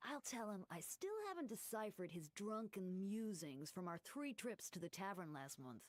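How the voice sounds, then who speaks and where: An actress voicing a devout, teasing churchgoer in a video game, with a dry, gently wry delivery. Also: female voice, mid-range voice, lively intonation, normal speed, dry recording, natural voice. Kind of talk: game character dialogue.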